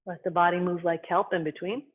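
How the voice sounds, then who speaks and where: Qigong instructor, calm short cues, tinny phone-like sound. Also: medium pitch. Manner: calm, unhurried cueing in short phrases. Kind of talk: guided movement and breathing instruction.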